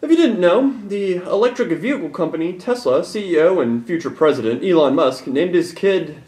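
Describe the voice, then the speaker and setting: A man's voice: high voice, expressive, normal speed, a little mellow. A young man co-hosting a comedy news sketch, bickering with his partner in a sardonic way. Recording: echoey room.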